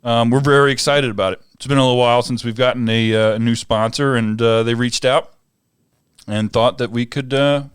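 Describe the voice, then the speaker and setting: Deep-voiced man, smooth and dry. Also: fairly quick, no echo. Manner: relaxed, filler-heavy, laughs easily. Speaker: podcast co-host. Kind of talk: casual chat and read ad spots.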